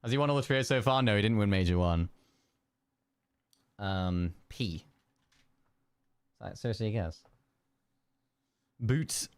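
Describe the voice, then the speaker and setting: Slow low-voiced streamer. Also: male voice, clean tone, dry recording. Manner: mutters single-word guesses. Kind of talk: live-stream word-guessing chat. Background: keyboard clicks and typing.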